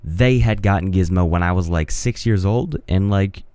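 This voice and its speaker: A young man chats through a casual solo podcast, his voice deep and dark in tone. He rambles and hesitates, restarting sentences and filling gaps with ums. The sound is close and dry, with no room around it. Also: moderate pace, smooth, no echo. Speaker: podcast host. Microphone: studio mic on a home mixer setup.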